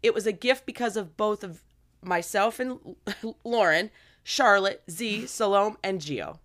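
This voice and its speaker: A woman's voice: medium pitch, a little slow, a bit bright. A woman co-hosting a podcast, chatting casually and reading listener letters aloud with enthusiasm and frequent laughter. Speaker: podcast co-host.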